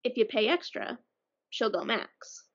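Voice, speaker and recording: A woman's voice: fairly high pitch, big pitch swings, measured pace, highs cut off. A woman in a casual book discussion who talks hesitantly, with restarts and dry humor.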